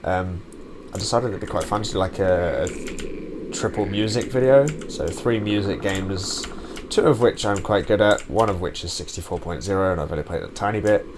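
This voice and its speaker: A young man hosting his own gaming channel, rambling chattily while playing and shouting curses at the game. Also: sits low, moderate pace, background noise. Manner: swears and yells at the game; chatty and rambling between outbursts. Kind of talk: gameplay commentary.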